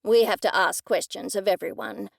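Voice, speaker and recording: A woman's voice: medium pitch, fairly even intonation, moderate pace, creaky, no echo. A woman narrator voicing a stern middle-aged male police detective, probing and accusing in a dry manner.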